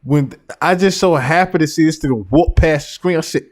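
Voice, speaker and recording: A man hosting a podcast, giving casual commentary and animated stories, often breaking into laughter. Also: fairly high pitch, fairly quick. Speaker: podcast host.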